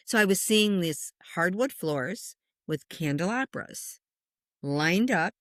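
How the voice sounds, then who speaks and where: A middle-aged woman, a spiritual medium, telling a personal story in conversation with lots of lively swings and chuckles. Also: lowish voice, takes it slowly, no room sound, studio quality. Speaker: spiritual medium and meditation teacher.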